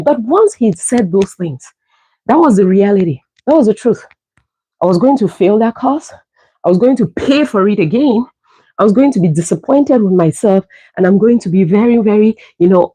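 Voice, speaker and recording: A middle-aged woman telling a personal story on a livestream, lively and laughing often as she acts out the dialogue. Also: mid-range voice, husky, dry recording, low-quality recording. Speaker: livestream host. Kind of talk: casual storytelling.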